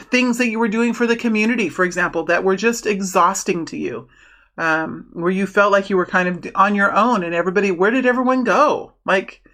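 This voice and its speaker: Woman doing a rambly tarot reading, lots of ums and restarts, mid pitch. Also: a bit bright. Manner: chatty, rambling, with many restarts and fillers. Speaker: tarot reader. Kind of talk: casual tarot reading to camera.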